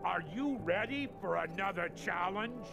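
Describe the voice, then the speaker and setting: A gruff caveman villager for a video game, pitched high and swinging widely up and down. His voice is gravelly, and music plays clearly behind it. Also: animated, measured pace, sharp tone, exaggerated voice. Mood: grateful. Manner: gruff, slightly forced caveman speech. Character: gruff caveman villager chief, male adult. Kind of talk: video game character dialogue.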